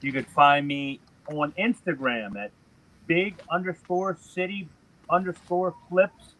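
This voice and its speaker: A man's voice: fairly high pitch, takes it slowly, sharp tone, rough recording. A man co-hosting a live reselling chat, rambling with many fillers. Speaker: co-host. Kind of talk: casual live-stream chat.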